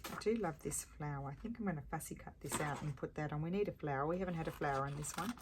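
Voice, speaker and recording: Low-voiced chatty woman crafting. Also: rapid-fire, background noise. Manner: rambling, chatty, with frequent fillers and chuckles. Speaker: crafting vlogger. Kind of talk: casual chat while crafting.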